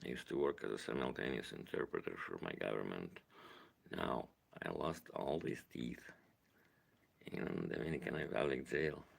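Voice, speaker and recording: A man's voice: extremely low pitch, lively intonation, normal speed, creaky, slightly rough. A middle-aged man from Ukraine with a Ukrainian accent, tired and rambling in a casual monologue to camera at home. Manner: rambling, wandering from thing to thing. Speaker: vlogger.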